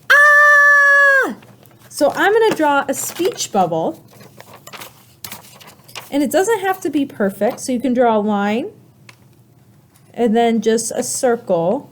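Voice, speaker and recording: A woman teaching a recorded writing lesson to young children, talking slowly and in an animated, sing-song way, with questions to the class. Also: on the high side, slight background noise. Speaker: kindergarten teacher.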